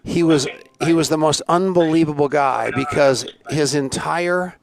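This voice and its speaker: A man's voice: a little high, a little slow, creaky, a crowd in the background. A middle-aged man hosting a live online show, chatty and rambling, greeting viewers by name. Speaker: show host.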